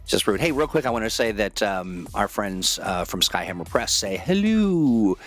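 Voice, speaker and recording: A man's voice: lowish voice, big pitch swings, normal speed, fairly bright tone, faint music behind. A man hosting a casual livestream chat, playful and self-deprecating, reading viewers' comments aloud. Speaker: livestream host.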